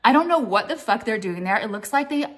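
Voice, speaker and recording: A woman's voice: a little high, animated, fast talker, a bit bright. A young adult woman vlogging in a casual, blunt rant, opinionated and full of swearing and "like". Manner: blunt, profane, opinionated, heavy use of "like".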